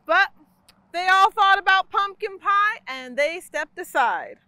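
Woman reading a picture book aloud, very high bright voice, slow and lively, dry close sound. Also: no room sound. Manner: expressive, sound-effect-heavy reading. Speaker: library storyteller.

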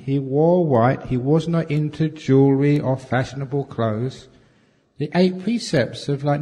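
A man's voice: mid-range voice, dark tone. A man giving a humorous dharma talk as a meditation teacher, answering questions with jokes and chuckles. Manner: playful, jokey storytelling with chuckles. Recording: long reverb from a large hall.

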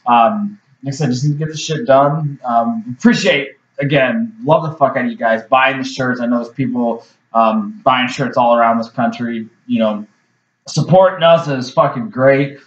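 A man's voice: mid-range voice, moderate pace. Chill podcast host guy cussing while signing off, roomy muffled audio. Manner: laid-back, profane, lots of filler. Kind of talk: casual podcast chat. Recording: roomy, dull lo-fi sound.

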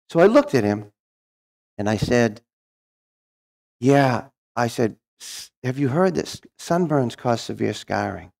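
A middle-aged man shares his life story from the front of a church, folksy and full of humor. His voice carries a gravelly, slightly creaky texture at an ordinary pitch, and he acts out the voices of the people he remembers. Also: sing-song, unhurried, darkish tone. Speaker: guest speaker. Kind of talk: storytelling testimony.

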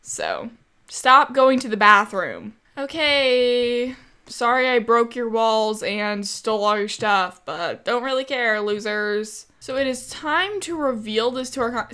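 A woman's voice: a little high, animated, slow, pushed and bright, smooth. A young woman giving casual, chatty commentary over her gameplay, often exasperated and talking back to the game's characters. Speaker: gaming creator.

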